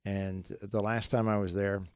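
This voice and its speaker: A man's voice: on the low side, level tone, moderate pace, a little mellow, clean tone, dry recording, clean studio sound. A middle-aged man hosting a call-in radio show about money, talking in a rambling, joking way with many fillers and restarts. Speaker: radio finance show host. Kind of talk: casual call-in radio talk.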